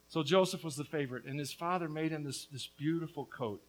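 A middle-aged man preaching a lively, joking sermon, with quick asides to the congregation. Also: on the high side, rough recording. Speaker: pastor.

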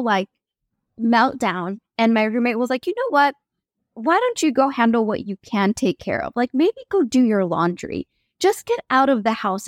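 Animated woman telling a faith story. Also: fairly high pitch, no echo, studio quality. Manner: animated, acts out quoted voices. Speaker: guest. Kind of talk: personal testimony storytelling.

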